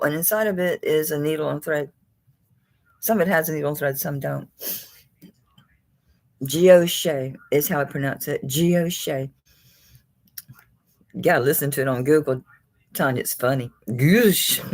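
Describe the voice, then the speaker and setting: A woman hosting a live jewelry auction stream, chatting casually, chuckling and talking to the pieces she holds. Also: deep voice.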